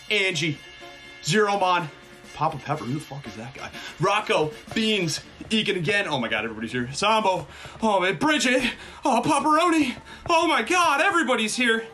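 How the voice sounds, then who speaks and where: Hyped, breathless male streamer. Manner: hyped, shouting out chat names, swings from loud to low mutters. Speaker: streamer hosting a mock draft stream. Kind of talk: excited live-stream chat.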